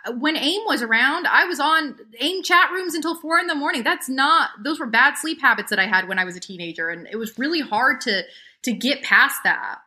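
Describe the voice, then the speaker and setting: A woman's voice: high-pitched, lively intonation, fairly quick, bright, forceful tone. A woman in her thirties chatting casually as a podcast guest, rambling with many restarts. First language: English. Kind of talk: casual chat.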